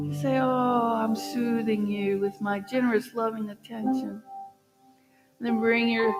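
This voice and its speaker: Woman minister, guided meditation, slow gentle delivery, fairly high voice, long church reverb, music underneath. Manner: slow, soothing, rising to celebratory. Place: church sanctuary.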